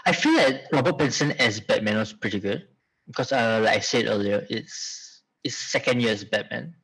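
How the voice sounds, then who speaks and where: Husky guy on a podcast, chill, lots of uh's as he thinks. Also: fairly low pitch, moderate pace, rough recording. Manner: relaxed, thinks aloud, with "uh" fillers. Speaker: podcast co-host. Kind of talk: casual chat.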